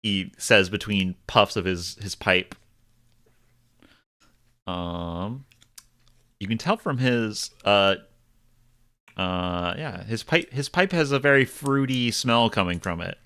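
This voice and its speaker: Slow, halting game master man. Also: on the low side, expressive, pushed and bright, smooth. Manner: halting, stop-start scene description. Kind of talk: narrating a tabletop game.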